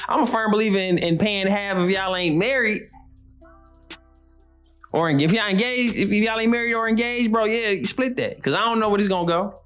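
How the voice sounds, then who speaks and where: Young guy preaching real talk, blunt and repetitive, slangy, soft music under him. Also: sits high, normal speed. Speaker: show host. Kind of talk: motivational monologue.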